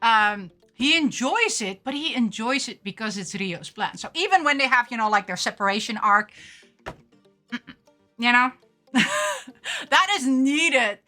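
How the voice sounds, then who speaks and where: A woman vlogger chatting casually while unboxing figures, excitable and gushing, often gasping and laughing. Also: a little high, unhurried, soft background music. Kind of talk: casual chat.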